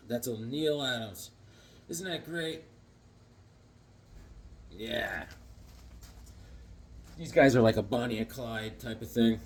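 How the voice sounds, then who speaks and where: A man's voice: mid-range voice, lively intonation, slow pace, pauses often, darkish tone, slightly rough. A middle-aged man in a casual vlog, telling a childhood story between comics, full of fillers and restarts. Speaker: comic book collector. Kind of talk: casual show-and-tell vlog.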